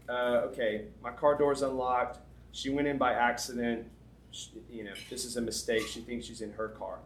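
A young man preaching a sermon, telling a story and acting out the people in it with lively dialogue. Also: mid-range voice. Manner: animated storyteller, acts out dialogue. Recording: echoey room.

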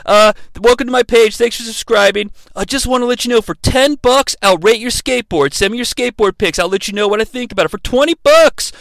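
A man voicing a cocky young male extreme-sports web star, giving an eager sales pitch. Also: fairly quick, vocal fry, hardly any pauses, a bit bright, dry recording, heavily acted. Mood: hyped pitching.

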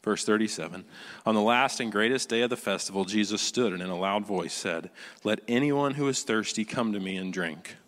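A pastor giving a sermon, reading scripture and explaining it to the congregation in a conversational way, often asking them questions and building to fervent high points. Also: male voice, a little fast, fairly bright tone, long reverb tail. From United States. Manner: conversational preaching, asks the congregation questions, rises to fervent peaks.

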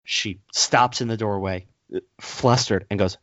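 A low-pitched man tells a rambling, worked-up story on a casual podcast and jumps into high, squeaky voices to play the people he met. The sound is dry and close, but muffled and lo-fi. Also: a little slow, no echo. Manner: animated storyteller, acts out others in high voices. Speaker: podcast co-host.

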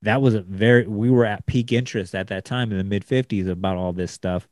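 A man's voice: on the low side, fairly even intonation, a little fast, darkish tone, dry recording, clean studio sound. A man co-hosting a podcast, talking in a rambling casual way with lots of filler words. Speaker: podcast co-host. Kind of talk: casual chat.

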